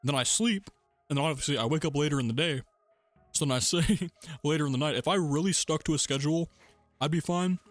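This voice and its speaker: A young man streaming a game, chatting casually in a rambling, relaxed way and laughing often between thoughts. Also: fairly high pitch, fairly quick, no room sound, faint music behind. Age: young adult. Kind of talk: casual gaming livestream chat.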